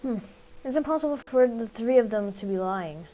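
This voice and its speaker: A woman's voice: a little high, animated, normal speed, mellow, low-quality recording. A woman streamer reading a text game aloud and thinking through its puzzles in a hesitant, musing way.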